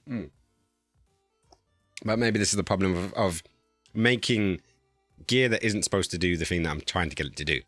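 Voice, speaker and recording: A man's voice: low voice, brisk, long pauses, fairly bright tone, no room sound, soft background music. A man streaming live, chatting casually and getting flustered while fixing his audio settings. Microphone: new desk microphone.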